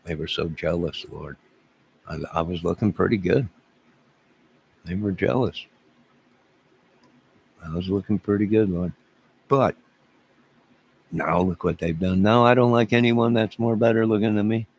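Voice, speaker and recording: A man's voice: sits low, steady tone, unhurried, vocal fry, long pauses, darkish tone, a little hiss or hum. A man around fifty ranting to his livestream chat, rambling and exasperated, repeating himself.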